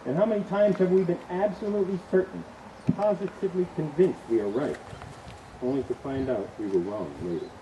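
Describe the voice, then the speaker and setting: A man officiating an outdoor wedding, telling a story in a relaxed, lightly joking way. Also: fairly high pitch, brisk, muffled recording, noisy background. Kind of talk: wedding ceremony address. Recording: outdoor ceremony with insects and birds.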